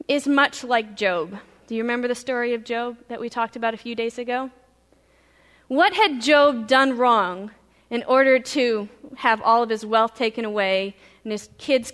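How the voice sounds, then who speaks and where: Woman pastor, storytelling sermon, high voice, long church reverb. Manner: vivid, shifting between loud and hushed. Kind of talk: dramatic first-person storytelling sermon.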